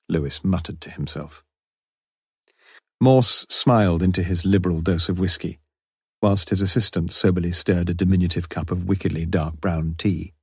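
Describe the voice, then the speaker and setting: Male audiobook narrator, very low and husky, measured delivery, dry booth sound. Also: no room sound. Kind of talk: scripted narration.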